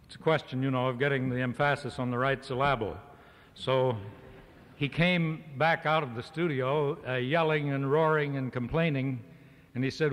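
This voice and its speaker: Male speaker, mid-pitched, mock-lecturing a live audience, long hall reverb on an old cassette. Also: normal speed, a bit bright. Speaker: speaker addressing a farm organization meeting. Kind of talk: humorous speech to a live audience.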